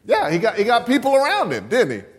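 Conversational pastor in a reverberant church. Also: male voice, very high-pitched, huge pitch swings, fast talker. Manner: conversational, chuckling, asks the congregation questions. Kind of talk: sermon. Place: church sanctuary.

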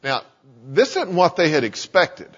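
A man preaching a sermon in a husky voice with a lively, rising and falling pitch. He talks to his listeners in a conversational way. The sound is dull and lo-fi, with a long reverb from a large hall. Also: unhurried. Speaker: pastor.

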